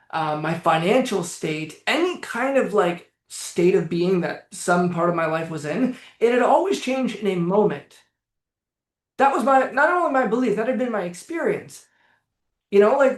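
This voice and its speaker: A man in his late twenties, working as a coach, telling his story in blunt, casual talk with frequent swearing. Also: high voice. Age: late 20s. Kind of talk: casual direct-to-camera talk. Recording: echoey room.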